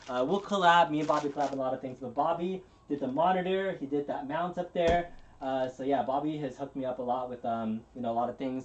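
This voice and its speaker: A man hosting a casual live-stream unboxing, talking in a relaxed, rambling way with plenty of fillers and restarts. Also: a little high, a little hiss or hum. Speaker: channel host.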